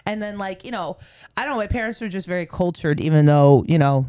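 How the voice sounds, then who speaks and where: A man's voice: high-pitched, expressive, quick pace, warm tone, clean tone, no echo. A man from North Jersey chatting casually, rambling, swearing a lot and trailing off mid-sentence. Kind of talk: casual podcast chat.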